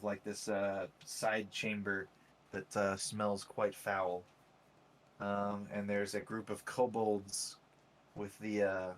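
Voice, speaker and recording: A man narrating as game master in a casual, hesitant way with many fillers. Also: on the low side.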